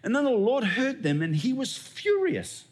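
Husky-voiced pastor preaching. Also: male voice, very high voice, wildly swooping pitch, normal speed. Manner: storytelling, acts out dialogue with God. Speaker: lead pastor. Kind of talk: sermon.

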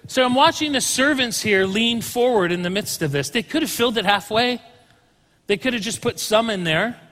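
A man's voice: very high-pitched, animated, normal speed, a bit bright, in a large hall. A man preaching a sermon as a pastor, talking casually and asking the congregation questions. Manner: conversational, asks the congregation questions.

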